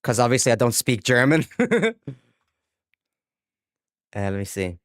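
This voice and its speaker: A man's voice: mid-range voice, very animated, unhurried, dry recording, clean studio sound. A young adult Irish man chatting casually with viewers while he plays a game on a live stream. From Ireland. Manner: chatty, reads out chat and answers viewers, upbeat.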